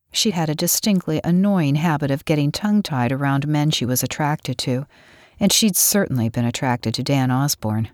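Low-voiced woman narrating a novel. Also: moderate pace, a little mellow, no room sound, clean studio sound. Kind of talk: scripted audiobook narration.

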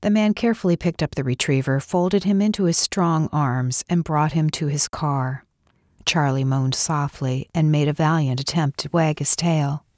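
A woman narrating a novel in a measured, expressive storytelling voice. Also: deep voice, no room sound, studio quality. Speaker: audiobook narrator. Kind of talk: scripted narration.

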